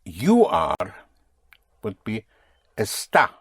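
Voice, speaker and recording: A man's voice: on the low side, wildly swooping pitch, extremely slow, husky, dry recording, clean studio sound. A man teaching a spoken language lesson, patiently drilling and correcting his students.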